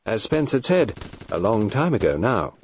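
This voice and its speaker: A man reading a novel aloud in measured, dry storytelling narration. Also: fairly low pitch, big pitch swings, a little hiss or hum. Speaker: audiobook narrator. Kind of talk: scripted narration.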